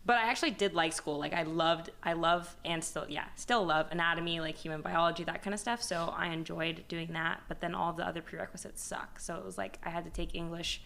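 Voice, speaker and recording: Young woman with a low, gravelly voice, candid and offhand in casual conversation. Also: fairly even intonation, a little fast, few pauses, fairly bright tone, a little hiss or hum. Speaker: guest in a group chat. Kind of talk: casual chat.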